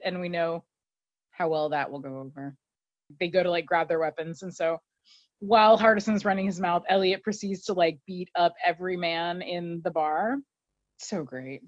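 A woman's voice: lowish voice, no echo. Woman podcast host, casual recap, dull dry recording. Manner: chatty, filler-heavy, laughs often.

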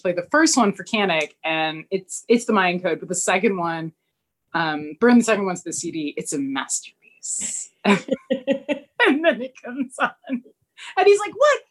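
A young woman chatting casually as a podcast co-host, retelling a TV episode. Her voice swings widely in pitch as she acts out the characters' lines. She talks with lots of energy. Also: animated, normal speed. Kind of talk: casual chat recapping a TV episode.

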